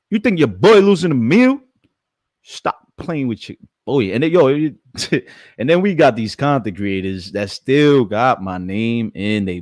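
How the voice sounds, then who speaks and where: A man's voice: lowish voice, no room sound, studio quality. A man, hosting a casual live stream, brash, profane and joking as he talks to his chat.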